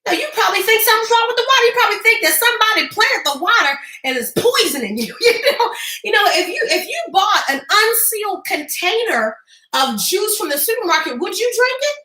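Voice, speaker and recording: A woman's voice: extremely high pitch, sing-song, brisk, bright, forceful tone. A woman business coach talking emphatically on a live stream, repeating her points and laughing in asides. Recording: echoey room.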